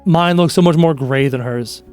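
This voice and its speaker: High-voiced chatty man streaming live. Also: normal speed, faint music behind. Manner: chatty, animated storytelling, answers chat questions. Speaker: livestreamer chatting with viewers. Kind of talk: casual live-stream chat.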